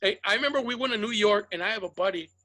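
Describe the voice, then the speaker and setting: A man's voice: high voice, rapid-fire, bright, forceful tone, poor audio. A man talking in casual podcast banter, arguing his points emphatically and swearing freely. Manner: emphatic, profane, argumentative. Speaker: podcast guest. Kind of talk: casual comedic chat.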